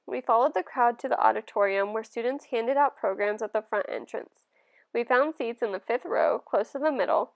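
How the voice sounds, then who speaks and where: At normal speed, a woman audiobook reader voices a first-person novel in a steady, gentle way. There's a gravelly, creaky quality to her somewhat high voice, and her narration remains calm and even.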